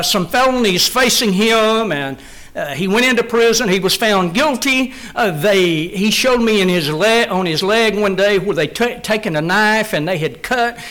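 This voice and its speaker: High-voiced man preaching with emphatic force. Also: a bit bright, rough recording. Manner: earnest, emphatic, repeats phrases for stress. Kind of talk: sermon.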